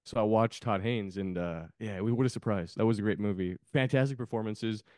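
A man's voice: lowish voice, fairly quick, mellow, no room sound, clean studio sound. A man guesting on a podcast, chatting casually about films, rambling and laughing often. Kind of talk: casual film chat.

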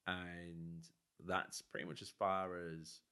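A man's voice: low-pitched, flat delivery, slow, pushed and bright, clear, resonant tone. A man with a Teesside accent co-hosting a podcast, chatty and upbeat, with many fillers. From Teesside, England. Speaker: podcast co-host. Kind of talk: casual chat.

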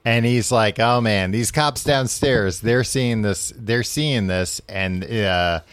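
A man's voice: on the low side, slow pace, smooth, no room sound. A man casually recapping a book on a podcast, rambling with lots of fillers and laughing often. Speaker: podcast host.

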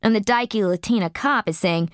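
A woman's voice: mid-range voice, a little fast, clean tone, dry recording, clean studio sound. A woman narrating an audiobook in a blunt, profane first-person voice.

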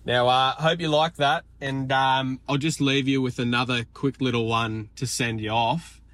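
A man's voice: mid-range voice, steady tone, fairly bright tone, no room sound. A man calling in to tell a cheeky, crude joke. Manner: slow, cheeky joke teller. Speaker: caller. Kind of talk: phoned-in joke telling.

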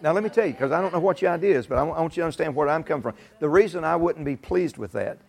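Gravelly, fast-talking preacher man. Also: a little high, animated. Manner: folksy, emphatic, rising to shouts and laughter. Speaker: pastor. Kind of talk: sermon.

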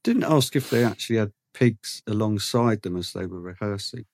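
A man's voice: lowish voice, lively intonation, normal speed, a little mellow, no echo, studio quality. A man co-hosting a podcast, making wry, matter-of-fact remarks in casual chat. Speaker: podcast co-host.

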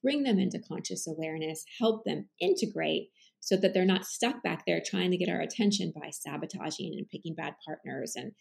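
Woman coach on a podcast, kinda gravelly voice, talks it through earnestly with lots of ums. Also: fairly low pitch, animated, fairly quick, hardly any pauses. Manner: earnest, explanatory, with frequent fillers. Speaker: life coach, podcast guest. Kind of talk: conversational interview.

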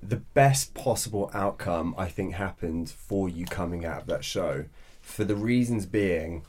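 A man hosting a podcast with a very low, deep voice. He talks in a relaxed, reflective tone in casual chat. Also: measured pace, slight background noise. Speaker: podcast host.

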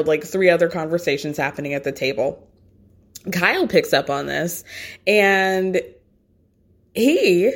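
A chatty woman telling a friend-style recap of reality TV drama. She talks casually and with gossipy energy, laughs between stories and drops the odd curse word. Her voice sits at an ordinary middle pitch. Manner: gossipy, animated, laughs often, swears casually.

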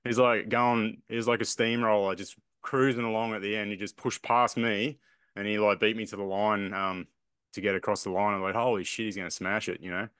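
A man hosting a podcast, chatting casually and telling animated stories with casual swearing. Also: fairly low pitch, brisk, clean tone, dry recording, clean studio sound. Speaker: podcast host. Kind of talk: casual chat.

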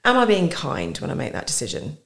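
Middle-aged woman, low pitch, executive coach being interviewed; chatty, explanatory, quick to laugh. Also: huge pitch swings, vocal fry. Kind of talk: conversational podcast interview.

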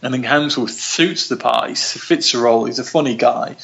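Gravelly man in casual film chat. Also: mid-range voice, fairly quick, a bit bright. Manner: rambling, enthusiastic, self-interrupting. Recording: dull lo-fi recording.

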